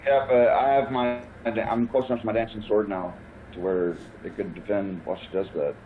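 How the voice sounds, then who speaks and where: Deep-voiced dude playing tabletop, stumbles and repeats himself, sounds like he's on a phone line. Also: steady tone, fairly quick, slight background noise. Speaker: player. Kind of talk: tabletop role-play chat.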